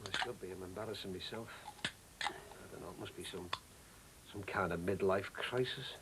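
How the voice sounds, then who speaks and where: A man's voice: sits low, normal speed, background noise. An actor playing a lonely middle-aged husband, rambling and hesitant as he confides. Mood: troubled. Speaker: troubled husband. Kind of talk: soap opera acting.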